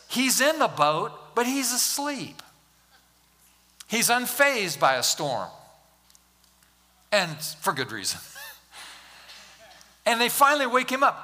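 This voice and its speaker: A male pastor preaching a sermon, animated and humorous, acting out Bible scenes and talking directly to the congregation. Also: sits high, normal speed, long pauses. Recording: long hall reverb.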